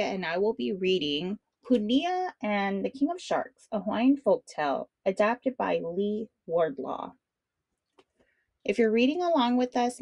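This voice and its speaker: A woman narrates a children's picture book in a friendly, expressive read-along voice. Her pitch sits in the middle for a woman. The recording is dry and close, with no room echo. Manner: bright, friendly storytelling to children. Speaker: storybook reader.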